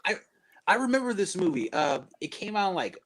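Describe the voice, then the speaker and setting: A man co-hosting a podcast, chatting in an excitable way. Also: high voice, normal speed, over a noisy crowd. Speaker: podcast co-host. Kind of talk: casual chat.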